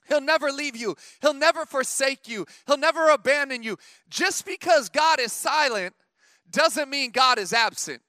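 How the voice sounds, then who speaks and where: A man's voice: very high-pitched, bright, forceful tone, clear, resonant tone, no echo, studio quality. A man, a pastor, preaching a sermon in church, talking to the congregation in a conversational way and building to emphatic calls.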